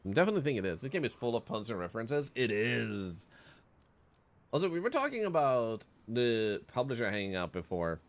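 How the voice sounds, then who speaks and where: A man streaming a video game in casual commentary, chatting and reading the game's text aloud as he plays. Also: lowish voice. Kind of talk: casual let's-play commentary.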